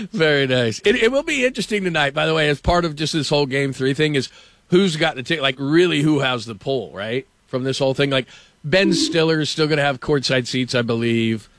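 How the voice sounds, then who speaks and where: A middle-aged man hosting a sports radio show, chatting loosely and telling stories with lots of fillers and quick laughs. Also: on the high side, lively intonation, a bit bright, dry recording. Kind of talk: casual morning radio chat and storytelling. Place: radio studio. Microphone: studio microphone.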